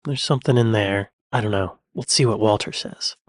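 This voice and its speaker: A man's voice: lowish voice, dry recording. Chatty American man hosting reactions. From United States. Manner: chatty and joking, with quick laughs. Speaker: reaction channel host. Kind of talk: casual reaction commentary.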